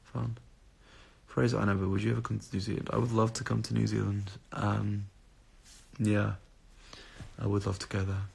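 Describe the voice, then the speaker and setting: A tired young man rambles through viewer questions on a phone live stream. His voice sits low and gravelly, with a husky edge. He drifts off topic and swears now and then. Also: flat delivery, moderate pace, long pauses, darkish tone. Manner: rambling, reads out and answers viewer comments, swears casually. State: tired and up at odd hours. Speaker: live streamer answering chat. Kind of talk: casual live-stream chat.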